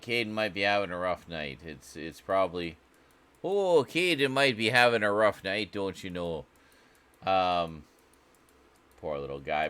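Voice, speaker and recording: Joking and self-mocking, a Canadian man chats casually on stream, talking to a chat that isn't present. His voice is low, smooth, and fairly bright.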